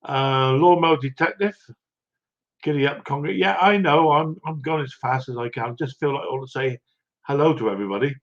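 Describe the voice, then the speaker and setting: A man's voice: medium pitch, fairly quick, muffled recording. A man hosting a casual livestream, chatting in a rambling, chummy way and tripping over viewers' names. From Britain. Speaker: livestream host. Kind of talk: casual live-stream chat.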